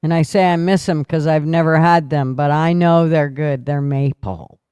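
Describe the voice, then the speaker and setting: A man spins rowdy, profane stories in a loose chat-show setting and laughs his way through them. His voice sits a little high and smooth, and the recording is close and dry. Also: steady tone, normal speed, darkish tone, no echo. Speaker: podcast host. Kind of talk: casual storytelling chat.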